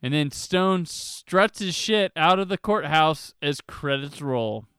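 High-pitched man recapping a movie. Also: animated, slow, a bit bright, smooth, no echo, clean studio sound. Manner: laid-back recapping, chuckles, filler "like". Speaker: podcast co-host. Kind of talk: casual movie plot recap.

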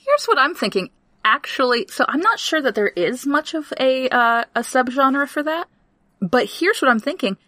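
A woman's voice: sits high, sing-song, normal speed, bright, forceful tone, no room sound. A woman co-hosting a podcast in casual comedic chat, teasing and swearing freely. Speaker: podcast co-host.

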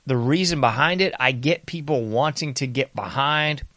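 A man's voice: mid-range voice, normal speed, no echo. Sarcastic man delivering a dry monologue. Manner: sarcastic, mocking mimicry of bystanders; varies loudness a lot, sometimes dropping to whispers. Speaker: political commentary host. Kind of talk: monologue commentary.

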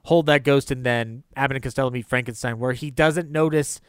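A man co-hosting a casual film podcast, animated and quick to laugh, acting out quotes in a higher voice. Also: clean tone, dry recording, clean studio sound. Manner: animated, laughs often, acts out quotes in a high voice. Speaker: podcast co-host discussing old films. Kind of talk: casual chat.

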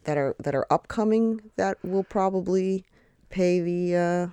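A woman hosting a podcast with a raspy, tired voice, chatting casually and rambling with lots of fillers. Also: lowish voice, a little slow, warm tone, no echo. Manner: rambling, hesitant, many fillers. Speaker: podcast host. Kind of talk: casual chat.

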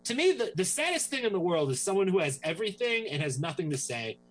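A man's voice: high-pitched, very animated, fast, a bit bright, faint music behind, poor audio. A man hosting a comedy podcast in casual chat, swinging between joking and earnest. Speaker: podcast host.

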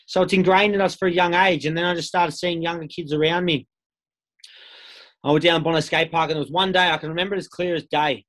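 A man's voice: fairly high pitch, steady tone, fast talker, fairly bright tone. A young Australian man telling his story in a casual interview, candid and rambling, swearing freely. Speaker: guest.

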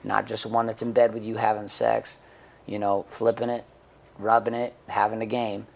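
Give me a gravelly, blunt middle-aged man telling stories in an interview. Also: on the low side, flat delivery, moderate pace. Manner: blunt, profane, storytelling with acted quotes. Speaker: guest, men's coach and author. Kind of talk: candid conversational interview.

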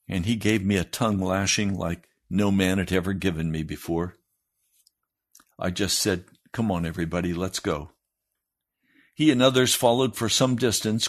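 A man, a pastor, reading a story aloud in a sermon, raising his voice for the quoted lines. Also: low-pitched.

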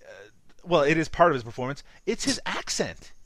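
Guy from newfoundland, light accent, recapping a movie, laughs a lot, swears, lively ups and downs, bit high, dry close sound. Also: fairly quick, no room sound. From Newfoundland, Canada. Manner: laughs often, swears casually. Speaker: podcast co-host. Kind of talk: casual movie recap chat.

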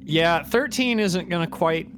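A man's voice: high voice, a little slow. A man narrating a tabletop game as game master, rambling with many fillers and laughs.

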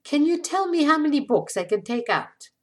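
A woman's voice: high-pitched, sing-song, moderate pace, pitched above the performer's own voice. A woman voicing a polite older immigrant woman with an Eastern European accent who speaks with hesitant, careful phrasing.

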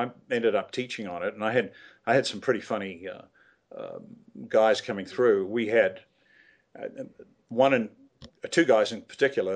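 An older man, a guest telling anecdotes in a rambling, hesitant way with many fillers and restarts. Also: fairly low pitch. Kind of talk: casual storytelling interview.

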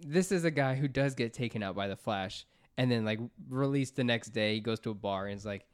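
A man talks casually on a movie podcast, wandering through his points with plenty of fillers. His voice comes across smooth and clear, pitched in an ordinary middle range. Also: fairly quick. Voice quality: filler-heavy, rambling delivery. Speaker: podcast co-host. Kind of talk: casual chat.

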